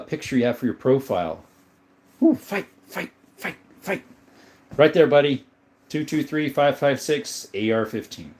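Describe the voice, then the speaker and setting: A man's voice: medium pitch, darkish tone. A man in his thirties from southern Arizona, chatting casually on a livestream, greeting viewers by name and showing his collection. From southern Arizona, USA. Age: 30s. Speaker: livestream host and gun collector. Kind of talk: casual livestream chat reading comments.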